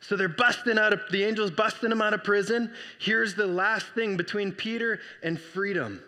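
A man preaching a sermon, telling the story with lively energy and acting out the voices. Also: sits high, normal speed, big-room sound. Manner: animated storytelling, acts out voices. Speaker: pastor.

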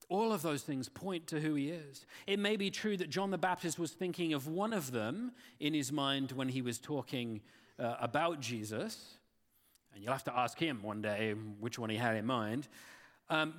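A man's voice: on the high side, in a large hall. A man preaching a sermon, earnest and full of rhetorical questions to his listeners. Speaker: pastor.

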